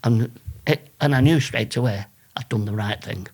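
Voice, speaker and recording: A man from England, a guest telling lively anecdotes in an interview and laughing often. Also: medium pitch, normal speed. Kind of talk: storytelling in an interview.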